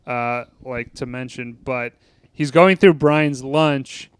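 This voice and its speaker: Crude-talking podcast host, smooth voice. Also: male voice, mid-range voice, slow, no room sound, studio quality. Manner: crude, loose, chuckling. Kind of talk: casual movie review chat.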